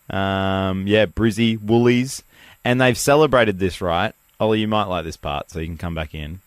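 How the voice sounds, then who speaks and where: A man co-hosting a breakfast radio show, excitable and playfully exasperated as he banters. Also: on the low side, normal speed, no echo, clean studio sound.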